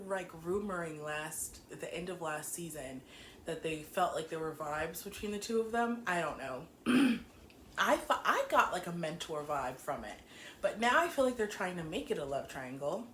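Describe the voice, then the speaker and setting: A woman's voice: on the low side, lively intonation, normal speed, a little hiss or hum. A woman recapping a TV episode in a casual, chatty way, giggling often and slap-happy from being up early. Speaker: TV show reviewer. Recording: echoey room.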